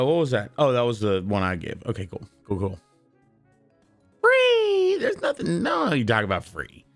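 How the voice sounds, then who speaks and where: A man's voice: mid-range voice, a bit bright. A young man streaming live, chatting casually and greeting his viewers one by one in an upbeat, rambling way while his voice is wearing out. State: losing his voice.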